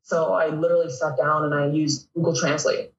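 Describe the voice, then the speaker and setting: A young man in his twenties with a Canadian accent, telling stories as a guest in a casual interview, animated and laughing often. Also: a little high, a little fast. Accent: Canadian English. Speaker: guest, pro volleyball player. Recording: echoey, from a distance.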